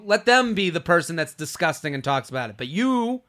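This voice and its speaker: A young man hosting a podcast, telling comic stories in casual chat and dropping low and quiet for asides. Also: brisk. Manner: animated storytelling, drops low and quiet for asides. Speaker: podcast host.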